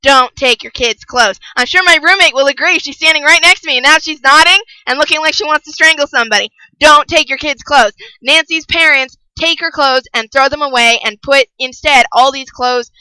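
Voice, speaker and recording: High, bright-voiced young woman ranting. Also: fairly quick, hardly any pauses, no echo, poor audio. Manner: impassioned, rants and yells about parents; repeats herself for emphasis. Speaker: book reviewer. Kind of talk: casual spoken book review.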